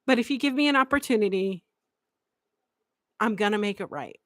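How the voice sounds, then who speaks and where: A woman's voice: medium pitch, expressive, normal speed, fairly bright tone, no echo, clean studio sound. A woman hosting a live podcast, speaking candidly and emotionally and swearing freely. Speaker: podcast host.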